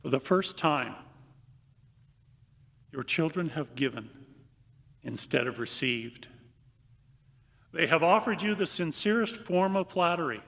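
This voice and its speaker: An older male priest giving a homily, slow and reflective with long pauses, and reading aloud with lively comic emphasis. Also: on the high side, creaky. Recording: long reverb of a large hall.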